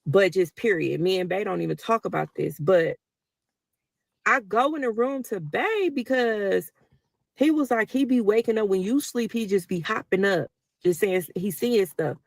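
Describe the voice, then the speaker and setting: A woman's voice: medium pitch, normal speed, creaky, dry recording. A mother telling a personal story to viewers in a casual, emotional way, talking straight to them as y'all. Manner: talkative, emotional, addresses listeners as y'all.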